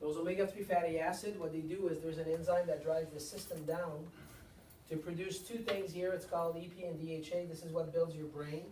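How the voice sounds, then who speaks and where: A man's voice: fairly high pitch, fairly even intonation, a little fast, darkish tone, slight background noise. A man, a chiropractor, giving a seminar to a live audience, speaking emphatically with repeated lines and rhetorical questions. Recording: echoey room, mic far off.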